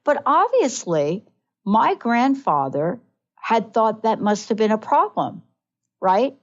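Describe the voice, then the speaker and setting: A woman's voice: on the high side, sing-song, takes it slowly. A woman hosting a radio talk show, talking in a reflective way and often checking in with her listener. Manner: reflective, keeps asking "right?". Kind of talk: casual radio chat. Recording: slightly dull lo-fi sound.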